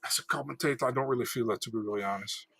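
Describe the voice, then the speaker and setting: A man's voice: medium pitch, rapid-fire, creaky, fairly bright tone, husky, dry recording. A man co-hosting a podcast, chatting casually with lots of fillers and restarts. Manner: rambling, hesitant, many fillers. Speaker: podcast co-host. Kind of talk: casual sports chat.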